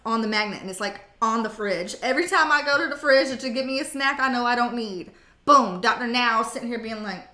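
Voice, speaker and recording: A woman's voice: a little high, fairly quick, sharp tone, roomy sound. A woman giving a casual tarot reading, blunt and sassy, with playful swearing. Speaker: tarot reader.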